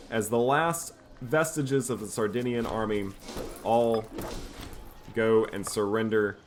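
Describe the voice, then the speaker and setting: A man casually commentating his own strategy game playthrough in a relaxed, wry, self-mocking way. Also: mid-range voice, a little hiss or hum. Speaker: gameplay commentator. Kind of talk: casual let's-play commentary.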